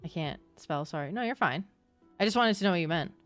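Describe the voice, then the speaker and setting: A young woman livestreamer chatting casually and excitably with her viewers, swearing now and then. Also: lowish voice, fast talker, soft background music. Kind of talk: casual chat with live chat.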